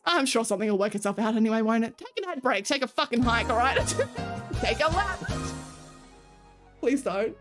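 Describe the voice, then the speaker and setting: A woman's voice: on the high side, expressive, moderate pace, music in the background. A woman with an Australian accent, from the country, chatting frankly with her livestream viewers, swearing freely and laughing often. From rural Australia. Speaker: streamer. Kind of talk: casual livestream chat with viewers.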